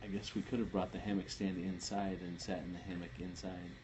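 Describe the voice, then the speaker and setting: A man's voice: sits low, level tone, a little fast, dull audio, background noise. A man co-hosting a late-night livestream, casually chatting, joking and teasing. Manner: joking, teasing, laughs a lot. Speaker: livestream co-host.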